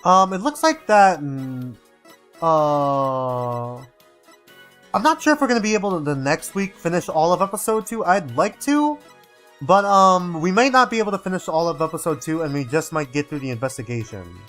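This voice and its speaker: A male gaming streamer talks casually over his game, rambling and musing with a lively, up-and-down pitch. Soft game music plays faintly behind him. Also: normal speed. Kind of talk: casual live gameplay commentary.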